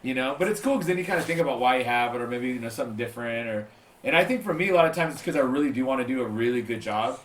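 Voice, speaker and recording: A man's voice: mid-range voice, animated, very fast, echoey room, slight background noise. A man hosting a podcast, chatting casually and loosely with many fillers. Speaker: podcast host and singer.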